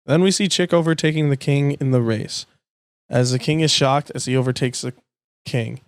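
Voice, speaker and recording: A man's voice: mid-range voice, normal speed, clean tone, dry recording. Man reading a transcript aloud, dry. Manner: plain reading with stumbles and swearing. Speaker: youtuber.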